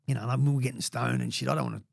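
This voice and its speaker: A man's voice: medium pitch, fairly even intonation, racing, gravelly, dry recording, clean studio sound. An Australian man in his forties, a podcast guest, telling stories in a rambling, profane way, full of "mate" and restarts. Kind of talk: casual storytelling.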